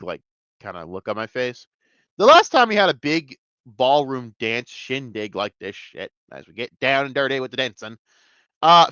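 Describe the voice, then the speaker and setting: A man's voice: mid-range voice, fairly bright tone, dry recording, dull audio. Foul-mouthed man ranting about a TV episode. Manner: swears constantly, ranting and mocking. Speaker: TV episode reviewer. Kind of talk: casual profane review rant.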